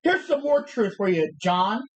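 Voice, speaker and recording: A woman's voice: medium pitch, big pitch swings, unhurried, lo-fi sound. A woman re-enacting a brash male pro wrestler's defiant promo on a livestream, taunting and cocky, tripping over the words as she recites them.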